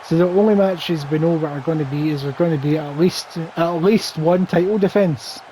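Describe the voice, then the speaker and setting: A man's voice: fairly high pitch, moderate pace, warm tone, a little hiss or hum, rough recording. Wry man calling wrestling. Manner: wry, teasing banter. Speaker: wrestling game commentator. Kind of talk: play-by-play commentary over a video game.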